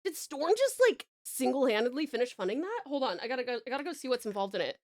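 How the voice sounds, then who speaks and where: A woman's voice: high-pitched, sing-song, fast, a little mellow, dry recording. A woman, chatting on a live stream, gushing thanks with lots of swearing and restarts. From Tasmania, Australia.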